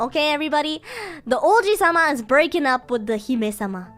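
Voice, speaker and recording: A woman's voice: high voice, sing-song, moderate pace, a bit bright, faint music behind. A woman streaming a playful Japanese vocabulary lesson, giggling often and acting out little scenes.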